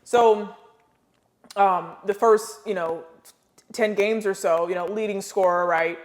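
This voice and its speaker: Animated woman telling stories. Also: mid-range voice, measured pace. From United States. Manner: animated storyteller, slangy, acts out voices. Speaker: podcast guest, former pro basketball player. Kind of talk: casual storytelling interview.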